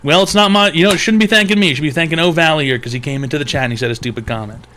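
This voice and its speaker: A man's voice: a little high, racing, sharp tone, slight background noise. A man hosting a livestream advice show, mocking his chat in a crude, rambling comedic rant.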